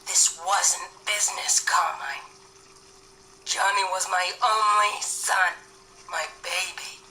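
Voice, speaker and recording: A woman's voice: lowish voice, unhurried, bright, forceful tone, slight background noise, poor audio. A woman voicing a grieving, bitter mob sister who speaks sharply and accusingly in an audio drama.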